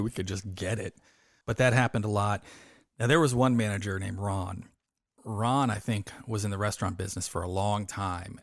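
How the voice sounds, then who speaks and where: A podcast co-host with a lower voice tells stories in a casual, chatty way, animated and acting out the voices he quotes. The recording is dry and of studio quality.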